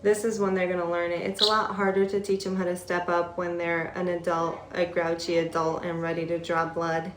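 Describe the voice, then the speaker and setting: A woman's voice: lowish voice, flat delivery, fairly quick, hardly any pauses, roomy sound, slight background noise. A woman hosting a casual live stream on her phone, chatty and easygoing, laughing now and then as she talks to a pet bird. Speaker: host of a parrot shop's live stream.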